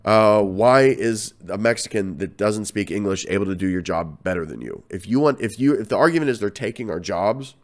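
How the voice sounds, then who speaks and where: A man's voice: fairly low pitch, a little fast, few pauses. A man with a cold hosting a podcast, rambling and swearing through casual ranting commentary. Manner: rambling, profane, animated. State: has a cold. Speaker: podcast host and comedian.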